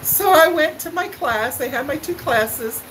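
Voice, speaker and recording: A middle-aged woman hosts a live stream, slowly spinning meandering stories with fillers and laughter while responding to viewer comments. Her voice sits high, animated and a bit bright. The recording is low quality with a little hiss or hum.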